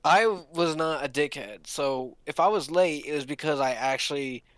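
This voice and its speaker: A young man telling a long story casually, rambling with restarts and pitching up to mimic others. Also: moderate pace, a bit bright, smooth, no room sound. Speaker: podcast co-host. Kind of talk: casual storytelling among friends.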